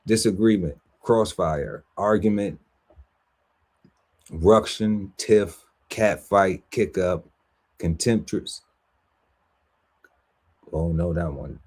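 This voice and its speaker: A man's voice: deep voice, darkish tone, husky. A man co-hosting a podcast, reading a long list of words aloud and playfully riffing on some of them. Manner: lists words slowly, riffs playfully on them. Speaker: podcast co-host. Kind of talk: reading out a word list with banter.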